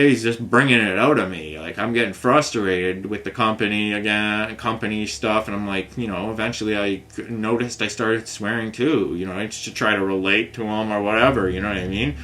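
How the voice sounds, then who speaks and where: A man's voice: lowish voice, pushed and bright. A man telling a rambling, frustrated story in a casual monologue, full of fillers like "you know what I mean". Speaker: vlogger recounting a customer complaint.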